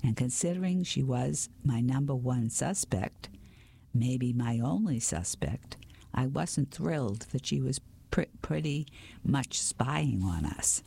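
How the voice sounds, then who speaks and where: A man reading a mystery novel aloud in a hushed whisper, with small slips. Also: mid-range voice, lively intonation, slow, gravelly, husky. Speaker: reader. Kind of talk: whispered storybook narration.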